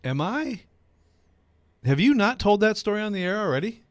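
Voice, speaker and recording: Lively male radio host. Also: sits high, moderate pace, dry recording, clean studio sound. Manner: lively, hesitant restarts. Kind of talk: casual radio chat.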